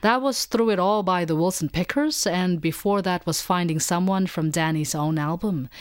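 Low-pitched woman radio host. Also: clear, resonant tone, dry recording, faint music behind. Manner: measured announcer delivery. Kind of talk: radio interview.

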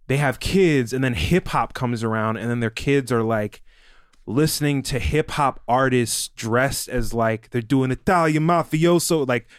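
A male podcast co-host in casual chat, mid-pitched, rambling and animated. He acts out quoted people by pushing his voice up. The sound is close and dry, with no room echo. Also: a little slow. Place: New York City studio.

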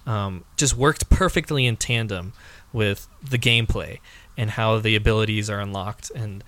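A man's voice: lowish voice, normal speed, fairly bright tone, dry recording. A man co-hosting a casual video game discussion, talking in a hesitant way with many fillers and restarts.

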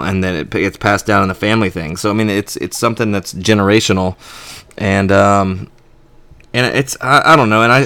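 A man's voice: on the low side, a bit bright, no room sound. A man co-hosting a podcast in casual chat, rambling and opinionated with many restarts. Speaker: podcast co-host.

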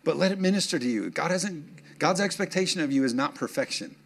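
A man's voice: on the high side, animated, a little fast, creaky. Emotional man preaching a casual sermon. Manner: conversational preaching with laughing asides. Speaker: pastor.

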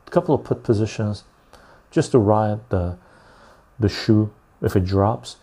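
A calm man hosting a livestreamed podcast, reading out the chat in an easy, unhurried way. His voice is dark and husky, with a gravelly, fry-laden edge. He swears freely and laughs often, yet never raises his voice. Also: lowish voice.

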